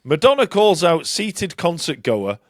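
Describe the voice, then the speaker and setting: Animated sweary British man. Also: fairly high pitch, unhurried, no echo, studio quality. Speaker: podcast co-host. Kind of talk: casual chat.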